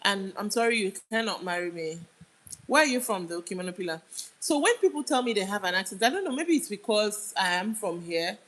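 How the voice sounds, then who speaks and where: This young Nigerian woman, speaking with a Nigerian accent, runs a laid-back livestream and answers viewer comments out loud. Her mid-range voice is animated, fairly quick and a bit bright, and she tends to drift off mid-sentence. The audio is poor.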